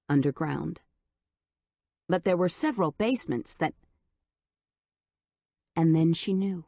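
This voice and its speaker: A woman narrating an audiobook in a measured, low-key manner on a close studio mic. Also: animated, gravelly, warm tone, no echo. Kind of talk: scripted narration.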